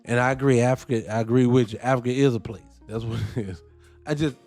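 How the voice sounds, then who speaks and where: A man hosting casual reaction commentary, animated and profane, firing off rhetorical questions. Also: mid-range voice, fast, faint music behind. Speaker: host.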